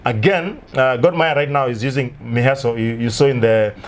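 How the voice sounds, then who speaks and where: A man hosting a casual football talk show, listing players with lots of fillers and quick asides. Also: medium pitch. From Kenya. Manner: lively, lists names quickly with many fillers. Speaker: sports show host.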